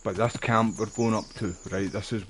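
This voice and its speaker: A Scottish streamer talks over his game in a loose, rambling, chatty way, swearing now and then. His voice sits on the lower side. He chats steadily while playing, with faint noise underneath. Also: steady tone, moderate pace. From Scotland. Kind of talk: live gameplay commentary.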